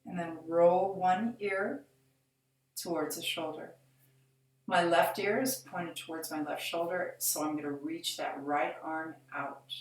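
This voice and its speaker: A woman fitness instructor calmly guiding a chair exercise class with slow, reassuring cues. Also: low-pitched. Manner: calm, reassuring, slow cueing. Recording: echoey room, mic at a distance.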